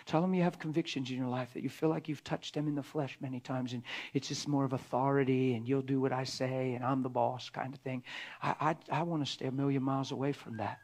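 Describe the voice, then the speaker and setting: A middle-aged man preaching in a conversational sermon, often dropping to a hushed whisper for emphasis. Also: mid-range voice.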